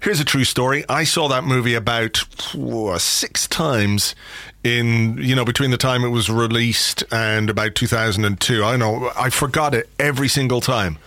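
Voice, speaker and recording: A man's voice: medium pitch, normal speed, sharp tone, dry recording. A man hosting a podcast, chatting casually and telling jokey stories. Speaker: podcast host. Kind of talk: casual chat.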